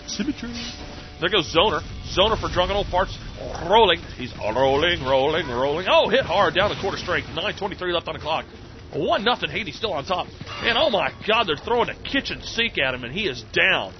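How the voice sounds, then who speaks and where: A man giving excitable, jokey sportscaster-style play-by-play of a video game, laughing often. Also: sits high, fairly quick, slight background noise. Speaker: game commentator. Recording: muffled lo-fi recording with game music.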